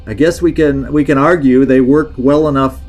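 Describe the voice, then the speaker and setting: A man's voice: mid-range voice, fairly even intonation, normal speed, darkish tone, faint music behind. A man streaming a strategy game, thinking aloud in a hesitant, musing way as he plans each move. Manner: musing, hesitant, talks himself through plans. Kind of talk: thinking-aloud gameplay commentary.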